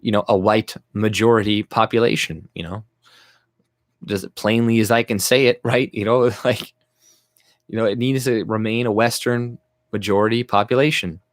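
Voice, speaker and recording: A man's voice: fairly low pitch, fairly even intonation, moderate pace, no echo, studio quality. Blunt, profane man ranting. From Canada. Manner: blunt, profane, laughs often. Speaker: livestream host. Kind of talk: casual livestream rant.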